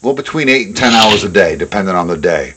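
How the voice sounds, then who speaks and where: A man's voice: low voice, animated, fast talker, crowd noise. A man co-hosting a podcast, talking bluntly and profanely in casual chat with frequent tangents. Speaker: podcast co-host.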